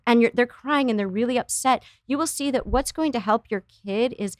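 A middle-aged American psychotherapist guest explains earnestly in a conversational interview, slipping into quoted voices. Her pitch is fairly high and she speaks fairly quickly with hardly any pauses, in a dry, studio-quality recording.

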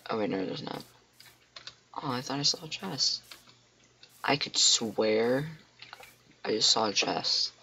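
A man giving excitable let's play commentary, talking to himself with frequent exclamations at a desktop mic. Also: medium pitch, slow, creaky, long pauses, a little hiss or hum. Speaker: gamer.

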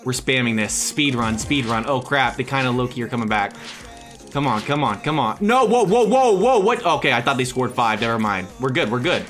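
A young man talks over his own game in a bright, forceful voice, jumping from loud hype to low muttering. He sounds close to a desk mic at home. Soft background music plays beneath him. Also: brisk. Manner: excitable, swings between hype shouts and muttered asides. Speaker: gaming YouTuber. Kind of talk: excited live gameplay commentary.

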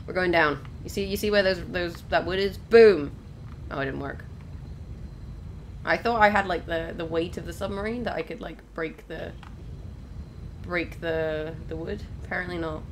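A young let's play host casually narrates the video game she's playing, chatting to viewers and exclaiming at what unfolds. Her voice is on the low side and a bit bright, with fairly even intonation at normal speed. Game ambience is clearly audible behind her, along with a little hiss or hum.

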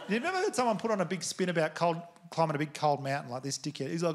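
A man in his thirties with an Australian accent, doing stand-up comedy with crude, exasperated rants and loud outbursts. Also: a little high, expressive, quick pace. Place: theatre stage before a laughing audience. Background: audience laughter.

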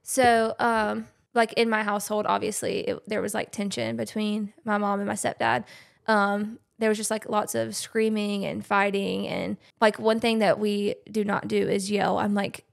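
A young woman, a podcast guest talking earnestly and softly in casual chat. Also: mid-range voice, level tone, normal speed, gravelly.

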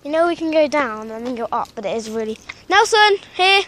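A woman's voice: a little high, fast, rough recording. A young woman vlogging casually while walking her dog outdoors, rambling with many fillers and out of breath. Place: outdoors in a park. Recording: loud outdoor noise.

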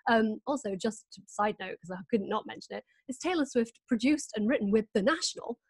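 A woman's voice: fairly high pitch, a little fast, slightly rough, dry recording. A woman, hosting a casual video-call chat, candid and laughing often as she tells stories. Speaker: host.

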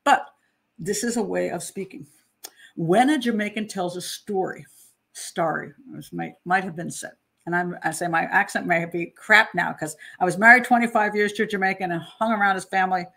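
A woman's voice: lowish voice, fairly quick, creaky, bright, forceful tone. A woman in her sixties from New Jersey, a criminal profiler hosting her channel and talking casually about a case in a chatty, self-deprecating way. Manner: chatty, self-deprecating, with frequent laughs and restarts. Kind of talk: casual monologue on a true-crime case.

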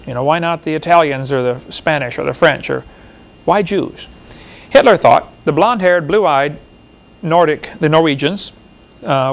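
A man giving a classroom lecture, reading book passages aloud in an impassioned, rambling way with a gravelly voice. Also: on the high side.

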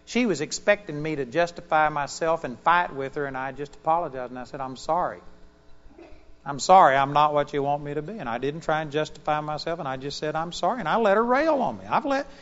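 A man preaches in an auditorium, his voice sitting somewhat high. He swings between loud, emphatic bursts and soft, confiding asides. The sound is muffled and lo-fi, with a dull top end. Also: lively intonation, quick pace, few pauses, in a large hall. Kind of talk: sermon to a live congregation.

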